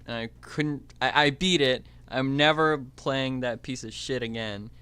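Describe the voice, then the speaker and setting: Young male co-host, teasing banter, reads chat, bright tone, dry recording. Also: medium pitch, a little slow, smooth, no room sound. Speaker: stream co-host. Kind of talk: casual live-stream banter.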